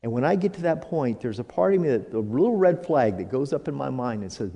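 A male pastor delivers a sermon in a church sanctuary, moving slowly and dramatically between high, emphatic bursts and hushed asides while leading the congregation in call-and-response. He is very animated and uses vocal fry. The recording carries the long reverb of a church hall.

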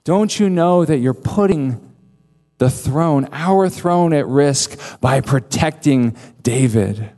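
A man's voice: on the high side, animated, slow, warm tone. A male preacher voicing a furious older king who rails accusingly at his son. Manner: fierce, accusing tirade. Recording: long reverb of a large hall.

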